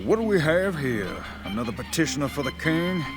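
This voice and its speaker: Cocky gang tough, swears a lot, game music in the back. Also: male voice, on the high side, big pitch swings, fairly quick. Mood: brash. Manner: brash, swearing. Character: tough street gang enforcer, rude, bossy.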